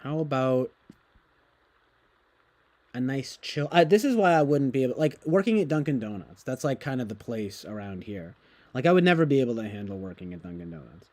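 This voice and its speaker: A man's voice: medium pitch, very animated, fast talker, darkish tone. A young man streaming, chatting casually in a rambling, profane way and laughing often.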